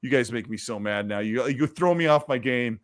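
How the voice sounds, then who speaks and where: A man's voice: medium pitch, normal speed, no echo, clean studio sound. A man hosting a casual gaming livestream, chatting loosely and reading viewer messages aloud. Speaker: host.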